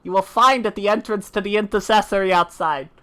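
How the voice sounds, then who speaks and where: A woman's voice: medium pitch, fairly quick, a bit bright, close to an everyday voice. Woman doing an absurdly French knight lord. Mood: courtly. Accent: mock French. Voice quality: formal, flowery delivery.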